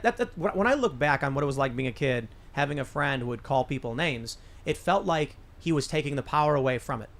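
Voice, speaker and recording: Man hosting a rambling talk show. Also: a little high. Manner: rambling anecdotes with frequent restarts. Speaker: show host. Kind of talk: casual panel discussion. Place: podcast studio.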